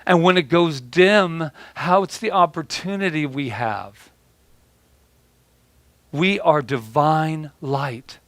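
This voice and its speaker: A male preacher delivers a rambling sermon, often doubling back on his words. His voice sits a little high for a man. The sound is dry and close, with no room echo. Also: slow pace, a bit bright. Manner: rambling, with many restarts and repeated words. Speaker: pastor.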